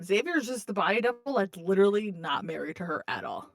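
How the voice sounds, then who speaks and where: A woman's voice: mid-range voice, expressive, fast, gravelly. Chatty swearing woman podcaster. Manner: chatty, profane, laughs often, acts out quotes. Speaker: podcast co-host. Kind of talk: casual book recap chat.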